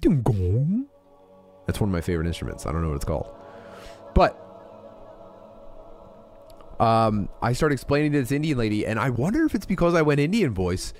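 A man's voice: mid-range voice, very animated, fairly quick, long pauses, soft background music. A man telling a rambling, profane comedy story on a live stream, full of restarts and asides.

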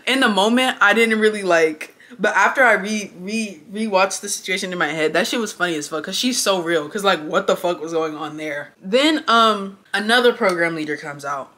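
Young woman, vlogger, casual storytime, blunt, emphatic, profane, bright tone. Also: medium pitch, moderate pace, few pauses. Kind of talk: casual storytime while getting ready.

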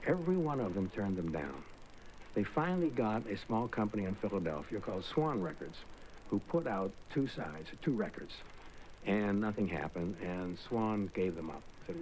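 An older former record executive telling his story in an interview, animated and vivid. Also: low-pitched, a little hiss or hum, low-quality recording. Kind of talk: reminiscing interview.

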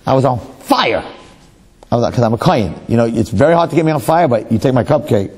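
A man's voice: mid-range voice, lively intonation, quick pace, darkish tone, breathy edge. A man, a rabbi giving a lecture, telling a story animatedly with rhetorical questions and self-mocking humor.

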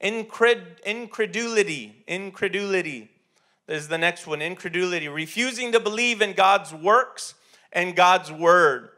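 A man's voice: high-pitched, a little slow, pushed and bright. A man preaching a sermon in a church, talking conversationally with many restarts and repeated words. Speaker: pastor.

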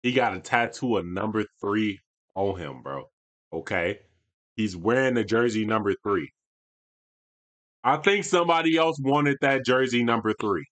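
A man's voice: lowish voice, lively intonation, normal speed, fairly bright tone. Laid-back young man reacting to basketball. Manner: laid-back slangy banter, mumbles asides. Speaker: reaction video host. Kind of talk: casual reaction commentary.

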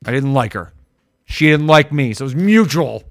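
A man's voice: mid-range voice, moderate pace, no echo, studio quality. A man with an Ohio accent co-hosting a casual tech livestream, rambling and joking, his voice jumping up when he gets worked up. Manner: animated, rambling, jokey, voice jumps when excited. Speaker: co-host of tech stream.

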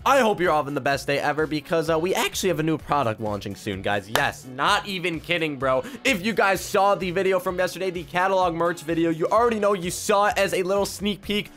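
Hyped young guy with a high voice. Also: fast talker, few pauses, faint music behind. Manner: energetic, slangy, keeps saying "bro" and "guys". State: has a cold. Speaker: YouTuber. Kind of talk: hyped gameplay commentary.

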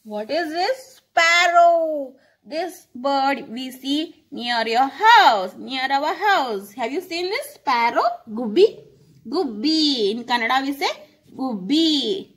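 Slow sing-song woman teaching kids. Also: high voice, a bit bright. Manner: slow, sing-song, repeating words for children to echo. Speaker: preschool teacher. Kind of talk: recorded lesson for young children.

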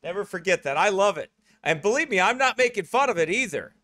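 A man's voice: high voice, animated, quick pace, pushed and bright, no room sound, clean studio sound. A middle-aged American man, a pastor, making rambling church announcements with joking asides. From United States. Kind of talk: church announcements before a sermon.

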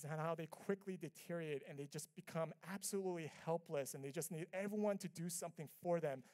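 A man preaching a sermon as pastor, telling a personal story with earnest, conversational delivery, swinging between soft and loud passages. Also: a little high. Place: church sanctuary.

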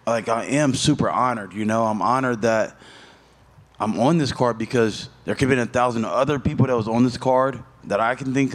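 A man in his thirties, a fighter at a media day interview, telling stories in a loose, profane way with lively voiced asides. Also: medium pitch.

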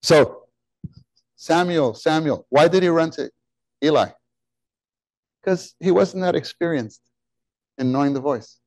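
A man preaching a sermon in a conversational, animated way, asking his listeners questions and rising to near-shouts on key words, then dropping to soft, quiet asides. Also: on the high side, a little slow, pauses often, no echo, poor audio. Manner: drops into soft, quiet asides when quoting God; conversational, asks the audience questions.

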